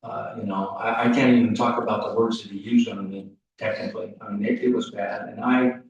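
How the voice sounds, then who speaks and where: A man giving a rambling, folksy eulogy at a funeral service, full of halting restarts. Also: fairly low pitch, little pitch movement, creaky, muffled recording. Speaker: funeral speaker. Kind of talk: eulogy storytelling. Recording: echoey hall, mic off at a distance.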